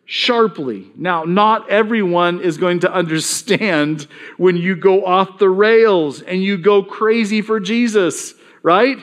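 A man preaching a sermon in a conversational way, reading scripture aloud and acting out the voices in it. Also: high-pitched. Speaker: pastor.

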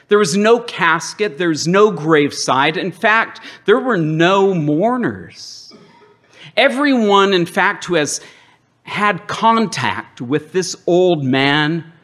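A middle-aged man preaching from the pulpit, his voice rising and falling with lively, animated emphasis. He takes his time, letting each phrase land with a deliberate, unhurried pace and dramatic pauses. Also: on the high side. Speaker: pastor. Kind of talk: sermon.

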